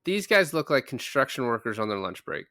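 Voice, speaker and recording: A man's voice: medium pitch, big pitch swings, brisk, bright, forceful tone, no echo, studio quality. A man co-hosting a podcast, chatting casually about a movie in a rambling, joking way and acting out characters' lines. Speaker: podcast co-host. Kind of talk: casual movie review chat.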